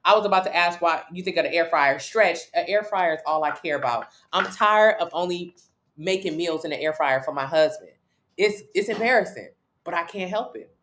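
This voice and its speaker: A woman on the low side of the pitch range talks a little fast with a fairly bright tone. She's a Miami, Florida native running a casual couch livestream, swearing freely and speaking bluntly as she responds to viewers' comments.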